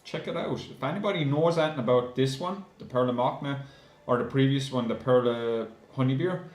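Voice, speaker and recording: A man chatting casually to his viewers in a video review, calling them guys and filling pauses with lots of ums. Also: medium pitch. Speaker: beer reviewer. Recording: roomy echo.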